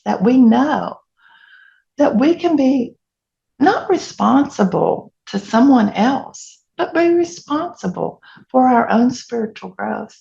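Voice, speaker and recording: Gravelly Southern woman pastor telling stories. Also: a little high, lo-fi sound. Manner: storytelling, animated, laughing asides. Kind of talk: sermon.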